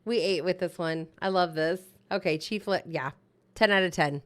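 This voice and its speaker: A woman's voice: low voice, moderate pace. A woman hosting a live co-working stream, chatting casually and reacting eagerly to her viewers' messages. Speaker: livestream host.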